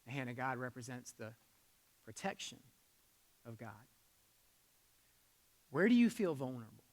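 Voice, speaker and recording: A male pastor preaching a sermon in a conversational way, shifting between loud emphasis and soft asides and leading the congregation in call-and-response. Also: mid-range voice, sing-song, a little slow. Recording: long hall reverb.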